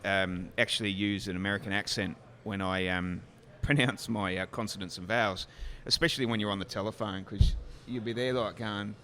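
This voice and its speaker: Bright-voiced Australian man telling stories. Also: lowish voice, fairly quick, hardly any pauses. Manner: animated, joking, swears casually. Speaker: brewery co-owner guest. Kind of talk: casual storytelling chat.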